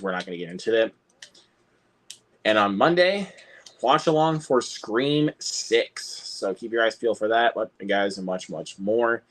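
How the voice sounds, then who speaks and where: A young man with an American accent chats casually on a movie livestream. His voice sits fairly low. He rambles and restarts his sentences often. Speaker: livestream co-host, film reviewer.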